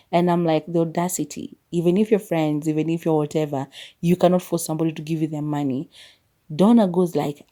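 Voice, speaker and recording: A woman's voice: sits low, fairly even intonation, moderate pace, warm tone. A woman hosting a podcast, chatting casually and giving her frank opinions in a movie review. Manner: chatty, opinionated, laughs often. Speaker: podcast host.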